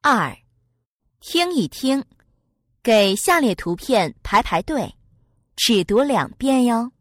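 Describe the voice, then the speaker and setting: A woman reading listening-test instructions slowly, in a clearly enunciated, sing-song way. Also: on the high side, sing-song, no room sound, studio quality. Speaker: exam announcer.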